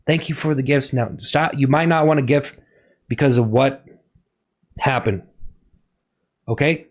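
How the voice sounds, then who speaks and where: A man streaming live in a comic persona, giving a melodramatic mock confession, halting and repeating himself while he keeps telling his chat to be quiet. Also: mid-range voice.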